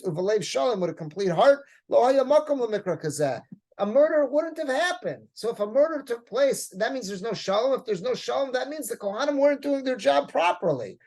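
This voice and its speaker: A man's voice: sits high, vocal fry, a little mellow. A man, a rabbi, giving a Torah class who reads Hebrew phrases and then explains each one in casual English. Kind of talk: Torah class, reading and translating a text.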